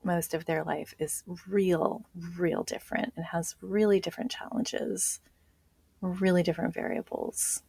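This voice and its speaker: A woman's voice: fairly low pitch, steady tone, unhurried, vocal fry, dark tone, husky, no echo. A woman doctor hosting a podcast who sums up and affirms what her guest says. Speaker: podcast host, physician. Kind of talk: casual interview.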